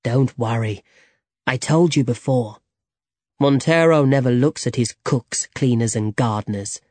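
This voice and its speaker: A calm, stern older mentor, voiced by a storybook narrator gives his instructions in a level, measured way. He speaks slowly, and the sound is dry and close. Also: medium pitch, no echo, close to an everyday voice. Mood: reassuring.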